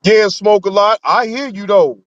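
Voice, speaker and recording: A man's voice: high voice, measured pace, a bit bright, no room sound. A man hosting a livestream, answering his chat in laid-back, rambling, profane casual talk. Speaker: livestream host. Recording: dull lo-fi sound.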